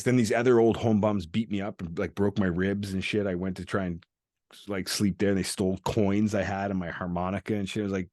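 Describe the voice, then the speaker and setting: A deep, low-pitched middle-aged man from Canada rambles through a story with frequent laughter and profanity. He acts out the voices of the people he quotes. The recording is dry and close. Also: fairly even intonation, fairly quick, a little mellow, dry recording. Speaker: podcast host. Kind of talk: candid storytelling chat.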